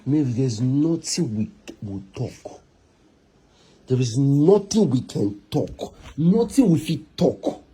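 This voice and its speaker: A young man with a Nigerian accent, angrily scolding and shouting in a Nollywood drama scene. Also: medium pitch, big pitch swings, slow, husky. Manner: angry, scolding, repetitive. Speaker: actor.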